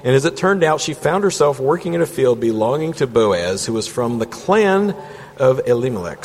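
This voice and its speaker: A man reads scripture to a small group, then drops into loose, joking asides. His voice has a husky edge, and a long hall echo trails behind it. The talk stays relaxed and conversational. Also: mid-range voice. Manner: reads scripture aloud, breaks off to banter with the group. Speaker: Bible study leader. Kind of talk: informal Bible teaching. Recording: roomy hall reverb.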